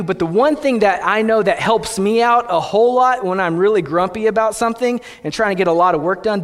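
A man's voice: high-pitched, a bit bright. A young man giving a sermon in a conversational storytelling manner, with playful asides. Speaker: pastor. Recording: long hall reverb.

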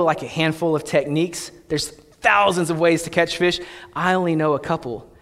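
A young man preaches in an easy, storytelling style, dropping in playful asides. His voice sits notably high. Long reverb rings after his phrases, as in a large church hall. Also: fairly bright tone. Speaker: pastor. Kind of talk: sermon.

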